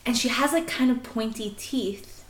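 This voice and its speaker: A woman on a podcast telling a story in a casual, animated way, swearing freely and laughing often. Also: on the high side, normal speed, echoey room. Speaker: podcast host.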